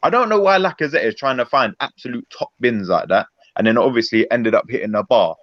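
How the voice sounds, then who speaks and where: A man's voice: medium pitch, animated, fairly quick, a bit bright, no echo. A man giving an angry, rambling post-match reaction on a football chat stream. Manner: fuming, rambling, emphatic. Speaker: Arsenal fan panelist. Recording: dull lo-fi call audio.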